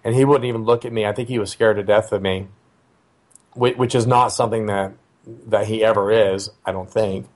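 Low-voiced father telling a family story. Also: steady tone, brisk, darkish tone. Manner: conversational, hesitant with fillers and restarts. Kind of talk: casual personal storytelling.

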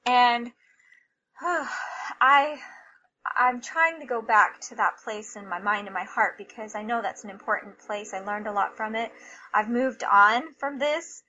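A middle-aged mother recounts her story in a halting, emotional way, often restarting her sentences. Her voice is bright and somewhat high. The recording sounds a little dull, with faint ambience behind her. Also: a little hiss or hum. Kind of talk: personal storytelling interview.

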